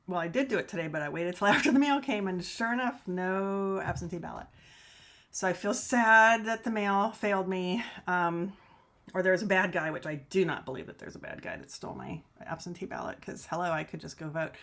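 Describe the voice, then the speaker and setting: A woman's voice: medium pitch, a bit bright. A woman from Michigan hosting a casual livestream from her laptop, rambling chattily, laughing often and swearing mildly. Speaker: livestream host. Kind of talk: casual chat to a live audience. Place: home room in front of a laptop camera. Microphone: laptop camera mic.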